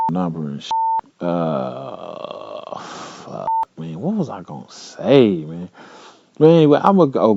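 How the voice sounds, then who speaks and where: A man hosting a podcast, telling a story casually in a blunt, profane, animated way. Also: low voice, no echo, muffled recording. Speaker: podcast host.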